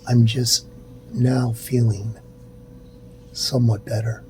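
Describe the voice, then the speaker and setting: Speaking slowly and softly, a middle-aged vlogger who's ill shares a casual update filmed in his hospital room, sighing often and sometimes whispering. A low, steady rumble runs through the poor audio.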